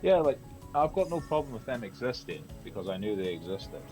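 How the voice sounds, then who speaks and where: A man's voice: medium pitch, sing-song, a little fast, a little mellow, soft background music. A man chatting casually and rambling, laughing and swearing as he goes. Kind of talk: casual chat.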